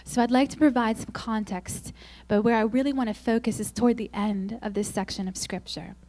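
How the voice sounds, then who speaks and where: A woman speaking at a Christian women's conference, telling self-mocking, humorous stories and acting out quoted lines in a higher, louder voice. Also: fairly even intonation, a little fast. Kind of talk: faith-based conference talk.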